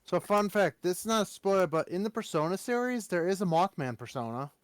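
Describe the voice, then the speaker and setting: A man's voice: high voice, lively intonation, fairly quick, clear, resonant tone. A man chatting casually on a live stream with a friend, teasing him in a friendly way.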